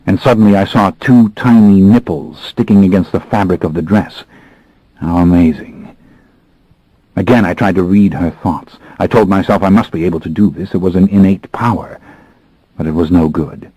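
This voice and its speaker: A man narrating an audiobook in the first person, with a brooding, measured delivery and expressive pacing. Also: sits low, no room sound, highs cut off.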